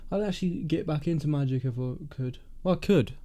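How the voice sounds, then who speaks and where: Young South English man, podcast co-host, laid-back slangy chat, mellow tone. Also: a little high, brisk. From South England. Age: young adult. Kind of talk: casual chat.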